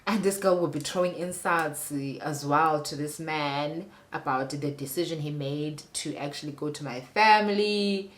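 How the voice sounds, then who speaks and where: A woman's voice: low voice, moderate pace, hardly any pauses. A young South African woman telling a personal story to her viewers in a casual vlog, emphatic and talking straight to them. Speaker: vlogger.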